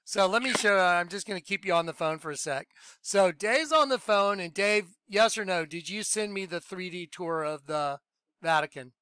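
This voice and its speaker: A man hosting a religious video, talking in an emphatic, excitable way and repeating his points. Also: high-pitched, normal speed, clean tone, dry recording. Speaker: Christian video host.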